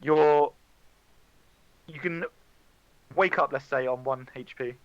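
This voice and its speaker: A man's voice: on the high side, slow, no room sound, highs cut off. A man running a tabletop game as dungeon master, narrating casually with many fillers.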